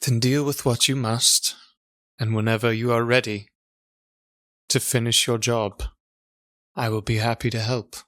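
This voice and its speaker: A player voicing a solemn, cryptic male stranger in a tabletop game, speaking in slow, formal, measured phrases. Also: medium pitch, steady tone, fairly bright tone, no echo, natural voice. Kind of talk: tabletop role-play voice acting.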